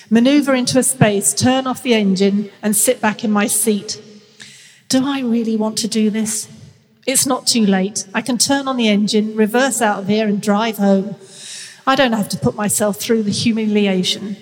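Her voice a little high, a North London woman in her sixties with a nasal accent reads from her memoir as a guest author. She chats frankly and mocks herself, and the recording carries a long hall reverb.

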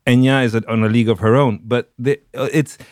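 A man's voice: medium pitch, fairly even intonation, fast talker, darkish tone, no room sound, studio quality. Rambling, enthusiastic podcast man. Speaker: podcast host. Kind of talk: casual chat.

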